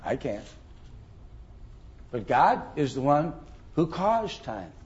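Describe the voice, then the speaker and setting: A man's voice: on the high side, very animated, slow pace, a little mellow, highs cut off. A middle-aged man teaching a Bible class, thinking aloud with many ums and rhetorical questions.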